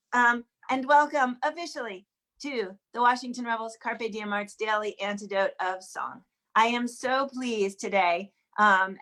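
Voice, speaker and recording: A woman's voice: on the high side, fairly bright tone. Upbeat woman hosting an online sing. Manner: upbeat, chatty, lists names quickly. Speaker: host of an online group sing. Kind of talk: warm welcome, greeting attendees by name. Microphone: video call.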